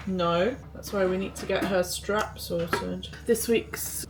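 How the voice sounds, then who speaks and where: A woman's voice: medium pitch, steady tone, takes it slowly, few pauses. A young woman, a first-time mum chatting casually through a home vlog in her kitchen and often turning to coo at her baby. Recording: home recording with background noise.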